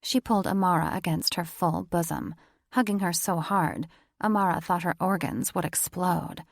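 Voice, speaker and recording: Gravelly woman narrating a romance. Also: lowish voice, fairly even intonation, normal speed, no echo, studio quality. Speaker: audiobook narrator. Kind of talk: scripted narration.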